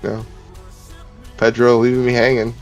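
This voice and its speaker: A man's voice: mid-range voice, completely flat delivery, unhurried, lo-fi sound, music in the background. A man from Ontario, doing joking, hyped play-by-play commentary on drift runs. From Ontario, Canada. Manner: hyped, joking, showman patter.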